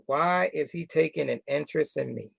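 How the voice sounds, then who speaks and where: With a fairly high, gravelly voice on a dry recording, a man who founded a company shares a motivational story with members. He stretches out key words, repeats phrases for emphasis, and asks his listeners rhetorical questions.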